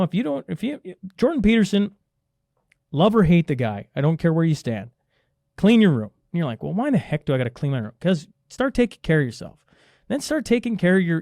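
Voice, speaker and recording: Emphatic man, higher-pitched voice. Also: a little mellow, no room sound, clean studio sound. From Canada. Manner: emphatic, ranting, answers his own rhetorical questions. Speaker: podcast guest. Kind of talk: casual conversational interview.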